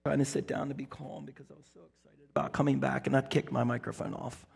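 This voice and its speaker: A male pastor preaching a sermon in a church, wearing a clip-on mic, telling the story in an animated way that swings from loud to hushed. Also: mid-range voice, fast talker, gravelly, big-room sound. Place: church sanctuary. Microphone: clip-on microphone.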